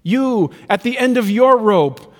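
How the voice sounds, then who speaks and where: A male pastor preaching a sermon with rhythmic repetition, swinging between soaring lines and hushed ones. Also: very high voice, expressive, a little slow. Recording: long reverb of a large hall.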